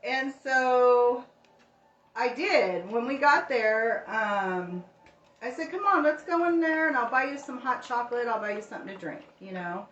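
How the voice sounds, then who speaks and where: A woman's voice: fairly high pitch, a little slow, soft background music. A middle-aged woman hosting a home cooking channel, telling a story casually and acting out the dialogue. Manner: chatty, animated retelling with quoted dialogue. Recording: roomy, distant, dull home recording.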